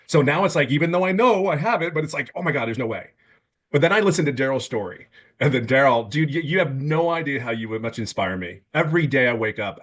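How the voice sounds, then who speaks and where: Emphatic man on a video call. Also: mid-range voice. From California. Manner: emphatic, repeats words when excited. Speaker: webinar guest. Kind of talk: casual testimonial.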